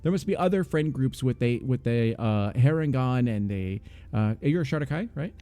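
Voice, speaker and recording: A tall elf gentleman, fussy and endlessly apologetic, tripping over his words, as a man puts him on. The voice is mellow and soft-edged, sitting at an ordinary pitch. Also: animated, moderate pace, lightly acted. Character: tall vain male elf, nervous overly polite.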